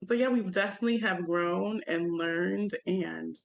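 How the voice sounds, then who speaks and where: A woman's voice: fairly low pitch, unhurried, creaky. A young adult woman co-hosting a casual podcast chat, telling stories and acting out what people said in changing voices. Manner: animated storyteller, acts out quoted people in shifting voices. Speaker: podcast co-host.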